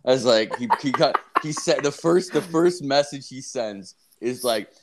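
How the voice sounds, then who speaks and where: A man's voice: medium pitch, animated, moderate pace, a little hiss or hum. A young man co-hosting a casual podcast, swearing constantly and laughing as he acts out stories. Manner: profane, laughing storyteller acting out exchanges. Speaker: podcast co-host.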